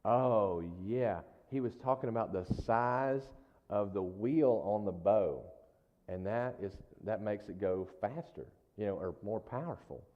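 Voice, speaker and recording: A man's voice: on the low side, measured pace. A man preaching in a casual, folksy storytelling style, with frequent asides to the congregation. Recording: dull lo-fi sound with long hall reverb.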